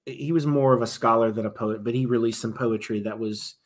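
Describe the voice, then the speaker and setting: A man's voice: mid-range voice, fairly even intonation, a little fast. A man, a military veteran, talking casually as a podcast guest, often restarting his sentences and swinging between emphatic and trailing-off delivery.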